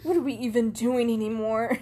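A woman's voice: a little high, fairly even intonation, fairly quick, dark tone, slight background noise, lightly acted. A woman putting on a hammy scheming cartoon villainess, barking theatrical orders at a henchman.

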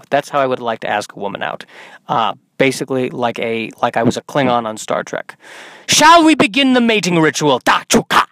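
Deadpan young man, very dry sound. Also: mid-range voice, dry recording, low-quality recording. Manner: deadpan, self-mocking, slips into silly put-on voices. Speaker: podcast host. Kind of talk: solo comedic monologue. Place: inside a car.

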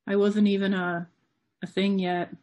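Young woman guest, upstate New York accent, relaxed, quick to laugh. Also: medium pitch. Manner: easygoing, laughs easily. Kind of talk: casual interview chat.

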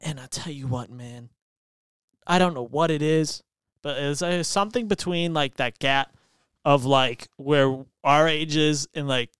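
A loud, rambling man in his twenties talks in casual chat and swears freely. His voice sits a little high and sounds very clear. The recording is close and dry. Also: unhurried, no room sound. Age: 20s. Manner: loud, rambling and profane, with sudden jumps in pitch.

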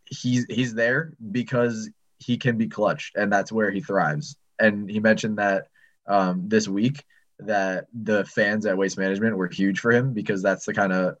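A man co-hosting a sports podcast, talking casually and analytically in a measured way. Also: fairly low pitch, fairly even intonation, fairly bright tone, dull audio. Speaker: podcast co-host. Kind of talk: casual chat.

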